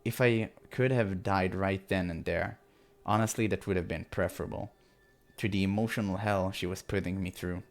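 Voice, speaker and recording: A man narrates a visual novel in the first person during a playthrough. His voice sits fairly low, and his reading is steady and earnest. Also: normal speed. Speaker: let's-play narrator.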